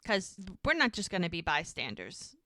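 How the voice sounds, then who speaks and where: A woman co-hosting a rewatch podcast, chatting casually as she retells scenes and drops in quick character quotes. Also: on the low side, huge pitch swings, bright, forceful tone, no echo, clean studio sound. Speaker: podcast co-host recapping episodes.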